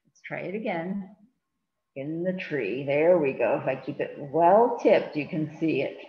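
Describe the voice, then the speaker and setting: A children's librarian with a low, animated voice reads picture books aloud to kids at a measured pace, chatting as she turns the pages. She's chatty and sing-song, fussing with the book on camera. The recording sounds roomy and dull, lo-fi with a faint hiss.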